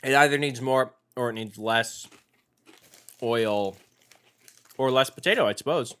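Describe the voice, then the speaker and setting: A man co-hosting a casual food-tasting podcast, jokey and animated, with loud bursts of excitement. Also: mid-range voice, unhurried, clear, resonant tone. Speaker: podcast co-host.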